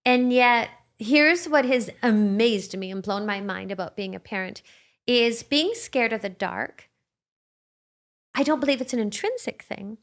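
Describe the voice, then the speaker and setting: A woman with a somewhat high voice talks through her thoughts on a podcast. She speaks reflectively and pauses to search for the right words in relaxed conversation. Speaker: podcast co-host. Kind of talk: casual conversation.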